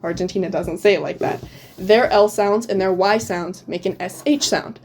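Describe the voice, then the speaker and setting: Teen girl guest, American, casual and filler-heavy, mellow tone, light background hiss. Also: medium pitch, normal speed. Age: teens. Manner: chatty, many "um" and "like" fillers, laughs often. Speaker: guest, returned exchange student. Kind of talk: casual interview answers.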